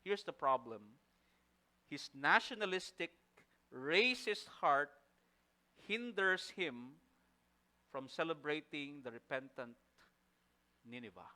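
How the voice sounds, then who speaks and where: A man's voice: a little high, expressive, slow pace, pauses often, bright, forceful tone. A man with a Filipino accent preaching a sermon as a church elder, emphatic, repeating key phrases and asking rhetorical questions. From Philippines.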